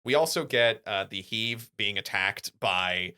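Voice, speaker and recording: Male co-host, bright and forceful tone, rapid rambling chat. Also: lowish voice, clear, resonant tone. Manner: fast, rambling film commentary. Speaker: podcast co-host. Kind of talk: casual chat.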